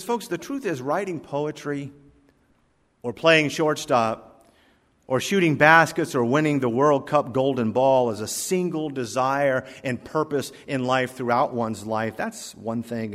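Man preaching in a reverberant church hall. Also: a bit bright. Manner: storytelling preacher with wide swings in pitch and volume, slowing for emphasis. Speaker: pastor. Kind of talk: sermon. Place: church sanctuary.

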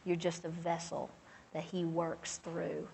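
A woman's voice: fairly low pitch, little pitch movement, takes it slowly, vocal fry, mellow, slight background noise. A woman preaching a fervent, emphatic, folksy sermon as a pastor's wife. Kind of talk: sermon to a women's gathering. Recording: long hall reverb.

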